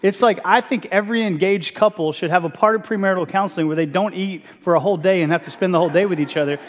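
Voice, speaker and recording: A man's voice: high-pitched, quick pace, hardly any pauses, big-room sound. A man preaching a sermon as pastor, telling a funny personal story with self-mocking asides. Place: church sanctuary.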